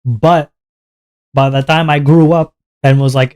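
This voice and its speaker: A man's voice: on the high side, steady tone, normal speed, darkish tone, clean tone. A young man from Canada, a streamer ranting casually and with exasperation, swearing and laughing as he talks. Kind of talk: casual livestream rant.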